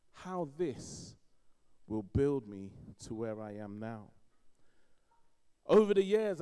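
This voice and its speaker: Middle-aged London-accented man, animated preacher, mellow dark tone. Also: on the high side. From East London. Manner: animated storytelling, swings between loud emphasis and quiet asides. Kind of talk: sermon.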